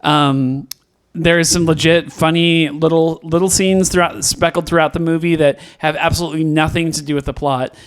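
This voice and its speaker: A man's voice: a little high, steady tone, normal speed, clean tone. A man co-hosting a podcast, chatting casually and rambling through restarts and fillers. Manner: rambling, lots of restarts and fillers, laughs easily. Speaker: podcast co-host. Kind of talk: casual podcast review chat.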